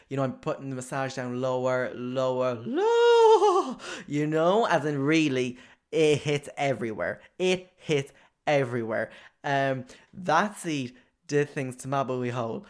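A brash young man doing stand-up storytelling, swearing freely and blowing everything out of proportion. His voice sits at an average pitch for a man, and he keeps throwing in chatty asides to the audience. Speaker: stand-up comedian.

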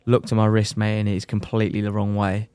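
Young racer telling a crash story. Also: male voice, on the low side, fairly quick, clean tone, dry recording, clean studio sound. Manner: animated storyteller, swears freely, says "mate" often. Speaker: podcast guest, motorcycle racer. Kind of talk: casual storytelling chat.

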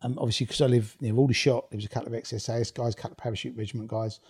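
A man's voice: mid-range voice, little pitch movement, racing, a little mellow, husky. A man, telling blunt, swear-filled stories as an interview guest, laughing as he goes. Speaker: guest, former rave promoter. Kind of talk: casual storytelling interview.

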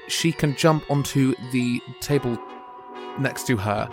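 A man's voice: mid-range voice, slow, soft background music. A man on a comedy podcast, teasing and mock-earnest as he improvises. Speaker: podcast co-host.

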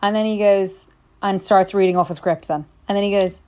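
A young woman, co-hosting a casual chat and telling a story in quick asides. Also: medium pitch, steady tone, a little mellow. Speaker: podcast co-host.

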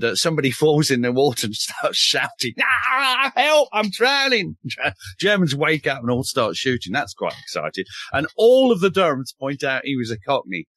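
A man from the north of England, a military historian telling war stories as a podcast guest in a wry, animated way, swearing casually and restarting often. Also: mid-range voice, dry recording. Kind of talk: enthusiastic podcast storytelling.

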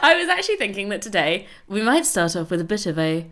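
A woman's voice: mid-range voice, sing-song, quick pace, a bit bright. Giggly woman hosting a podcast. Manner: giggly, storytelling. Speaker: podcast co-host. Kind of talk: casual comedic podcast chat.

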